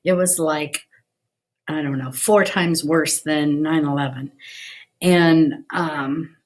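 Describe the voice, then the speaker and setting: A woman's voice: deep voice, fairly even intonation, slow pace, darkish tone. A middle-aged woman giving a casual video history lesson, chatty, with many ums and restarts. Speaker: teacher.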